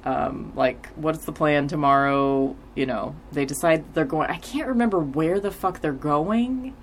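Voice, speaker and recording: A woman's voice: deep voice, measured pace, slight background noise. A woman in her forties casually recapping a TV episode as a podcast host, rambling with lots of filler words and easy laughs.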